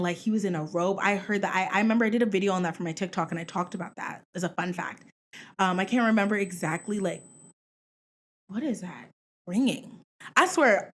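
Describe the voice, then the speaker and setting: A young woman hosting her own show, giving opinionated, animated commentary full of slang and asides while filming alone at home. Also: medium pitch. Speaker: podcast host. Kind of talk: casual solo commentary.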